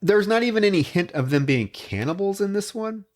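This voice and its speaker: A man's voice: sits high, lively intonation. Man casually recapping a horror film. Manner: retells scenes with quick voiced quotes. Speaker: podcast co-host.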